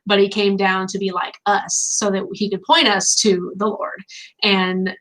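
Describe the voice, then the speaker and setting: A woman's voice: mid-range voice, level tone, unhurried, fairly bright tone, rough recording. Earnest woman explaining faith. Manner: earnest, explanatory, with many fillers. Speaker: teaching pastor. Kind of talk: casual discussion.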